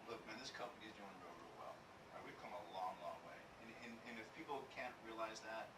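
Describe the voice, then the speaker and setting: A man's voice: on the low side, brisk. A man in a training class telling a casual story about managing staff, rambling and repeating words. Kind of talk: casual discussion. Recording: roomy, distant, noisy room.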